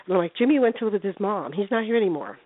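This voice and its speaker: An older woman telling a story over a thin, tinny phone line, chatty and lively, slipping into little voices for the characters. Her voice sits at a middling pitch and sounds dry and close. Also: very fast, no echo. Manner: chatty, animated, acts out voices in her stories. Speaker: paranormal investigator guest. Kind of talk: casual phone interview storytelling.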